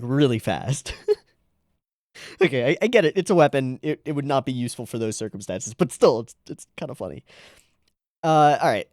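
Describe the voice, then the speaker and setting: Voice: mid-range voice, no room sound, clean studio sound. An anime reaction host giving casual, rambling, sarcastic commentary on episodes.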